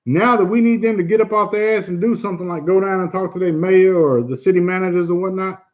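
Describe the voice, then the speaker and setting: A man's voice: high voice, fast, dull audio. A man hosting a casual livestream chat, earnest and blunt, who swears easily and repeats himself for emphasis. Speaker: livestream host.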